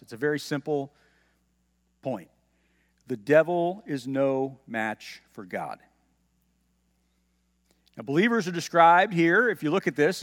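A man's voice: a little high, fairly bright tone. Man preaching in a reverberant hall. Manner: teaching, asks the congregation questions; reads scripture aloud with emphasis. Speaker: pastor. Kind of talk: sermon.

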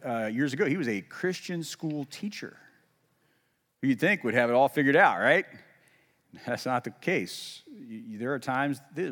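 A man preaching a sermon in a casual, conversational way, with self-deprecating humor and lively emphasis when quoting. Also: mid-range voice, big-room sound. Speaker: pastor.

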